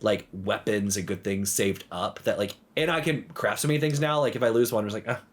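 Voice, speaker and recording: A man co-hosting a podcast, telling gaming stories in an animated way, full of "like" fillers. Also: on the low side, brisk. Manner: animated storytelling with many "like" fillers. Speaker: podcast co-host. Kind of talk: casual chat.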